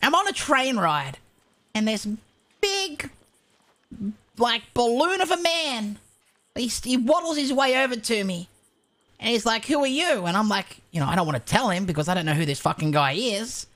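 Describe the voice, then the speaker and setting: A woman playing a brash young male outlaw, cursing through an animated roleplay story. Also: fairly high pitch, normal speed. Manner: swears constantly, animated storytelling. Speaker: roleplay streamer.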